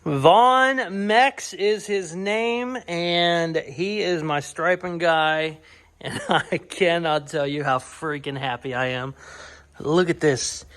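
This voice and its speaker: High, bright-voiced excited man. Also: slow pace. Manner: excited, laughs a lot, swears casually. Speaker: custom car builder and YouTuber. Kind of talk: casual vlog chat.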